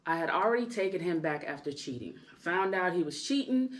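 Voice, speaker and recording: A woman in her thirties, a podcast co-host, telling a personal story in casual chat, animated and full of tag questions. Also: a little fast, slight background noise. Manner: animated, rising loud and high when worked up; tag questions, frequent "right?".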